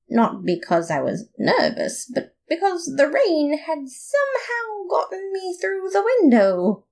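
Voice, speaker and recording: Playful, lively woman narrating a comic story. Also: mid-range voice, creaky. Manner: playful, expressive. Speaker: podfic reader.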